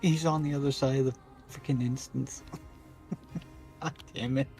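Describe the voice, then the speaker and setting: Brief: Scottish male streamer, casual banter, cursing, mid-pitched, faint music in the background. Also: fairly even intonation, measured pace, a little mellow. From Scotland. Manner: joking, swears freely. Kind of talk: casual gaming chat.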